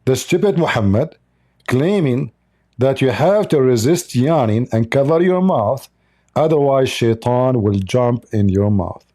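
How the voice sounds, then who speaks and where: A man hosts a livestream of polemic commentary in non-native English, mocking and sarcastic. His mid-range voice has a dark tone and is animated yet a little slow.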